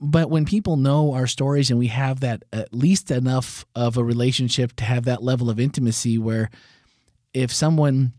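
A man co-hosting a faith podcast with a mellow, darker tone. He talks candidly and keeps affirming his co-host with quick yeahs. The sound is dry and close. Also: medium pitch, no room sound. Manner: candid, relaxed, frequent affirmations. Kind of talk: conversational Christian discussion.

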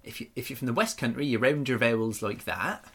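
A man's voice: medium pitch, quick pace, a bit bright. A man hosting a podcast in casual chat, joking and rambling with frequent laughs. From Norfolk, England. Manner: jokey, rambling, laughs often. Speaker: podcast host.

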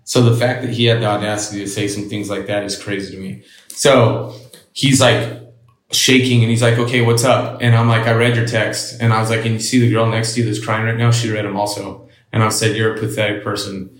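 A man with a lowish voice tells his story casually and bluntly, swearing freely and acting out what each person said. The room around him gives his voice a clear echo. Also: flat delivery, a little fast. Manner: blunt and profane, retells with quoted dialogue. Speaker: interview guest.

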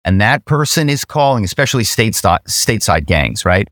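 A man's voice: lowish voice, very animated, moderate pace, fairly bright tone, no room sound. Storytelling man, dry close sound. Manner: storytelling, acts out phone calls in quoted voices. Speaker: podcast guest, former corporate spy. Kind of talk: casual interview talk.

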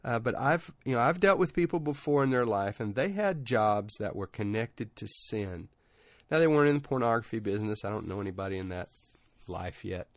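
A man's voice: fairly low pitch, expressive, fairly quick, dry recording. A middle-aged man giving a conversational sermon and telling stories, rambling informally with many asides, his voice rising at emotional peaks. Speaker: preacher.

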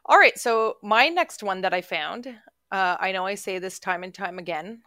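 A woman's voice: mid-range voice, moderate pace, sharp tone, no room sound, clean studio sound. A woman in her forties co-hosting a podcast, chatting casually and telling stories with lots of "like" fillers and frequent laughter. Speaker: podcast co-host. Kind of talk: casual storytelling chat.

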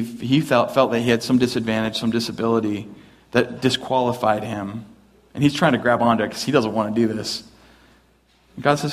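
A man preaching a sermon in a relaxed, conversational way, acting out the quoted lines as he goes. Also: mid-range voice. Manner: conversational, with restarts and acted quotes. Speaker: pastor.

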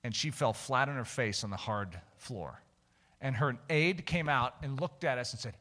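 A man preaching a sermon, telling a personal story, moving between hushed asides and shouted climaxes. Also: medium pitch, sing-song, a little fast. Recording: long hall reverb.

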